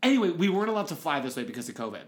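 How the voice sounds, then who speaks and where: A man's voice: a little high, big pitch swings, very fast. A man co-hosting a podcast, telling a long travel story in casual, profane, self-mocking chat. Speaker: podcast co-host.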